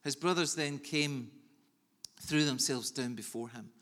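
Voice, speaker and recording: A man preaching a sermon in an earnest, measured way with soft pauses. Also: medium pitch, vocal fry. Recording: long reverb of a large hall.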